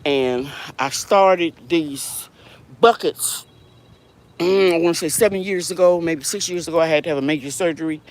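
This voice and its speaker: Her voice is low-pitched and moderately paced as this middle-aged channel host shows viewers around her garden outdoors. Recorded on a handheld phone, the home gardener talks in a chatty, meandering style and corrects herself now and then.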